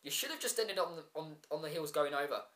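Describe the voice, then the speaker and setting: Guy doing a review vlog, kinda high voice, lots of ums, ranty and sarcastic. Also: fast talker, fairly bright tone. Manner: frustrated ranting with many ums and restarts; sarcastic asides. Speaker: wrestling show reviewer. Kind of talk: casual solo review vlog.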